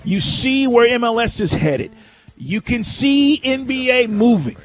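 High-voiced man hosting sports radio. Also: unhurried, soft background music. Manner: energetic, reads station promos and phone number.

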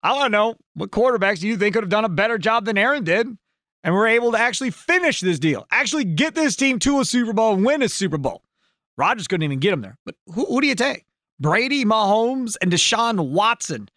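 A man hosting a sports talk radio show from a studio, talking in an animated, emphatic way and readily agreeing with callers. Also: sits high, brisk, dry recording. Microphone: studio microphone.

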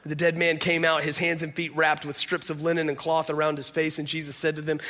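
A man pastor preaching a sermon, earnest and emphatic, who slows to soft, quiet lines at the close. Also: fairly high pitch, level tone.

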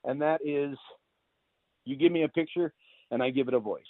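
A man's voice: on the high side, moderate pace, no room sound. A male voice actor chatting as an interview guest, rambling with lots of fillers and restarts. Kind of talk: casual interview chat. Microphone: phone. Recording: tinny phone line.

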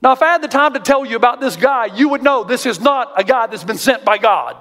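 A man with a high voice delivers a sermon as a pastor. He tells stories with lively animation, his voice jumping up to act out others. The sound carries a long reverb from a large church auditorium. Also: a little fast. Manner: animated storytelling, jumps high for quoted voices.

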